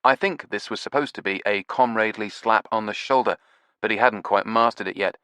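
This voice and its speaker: A man's voice: on the low side, a little fast, sharp tone, clean tone, no room sound. A man narrating a mystery audiobook in the first person, in a wry, understated manner.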